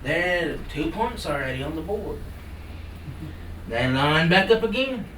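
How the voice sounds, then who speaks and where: Animated male storyteller in an echoey hall. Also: on the high side, a little slow. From Cherokee Nation. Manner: animated, folksy, playful sound effects. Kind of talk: traditional storytelling to a live audience. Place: live salon event. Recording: roomy hall from far off. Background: audience laughter and room noise.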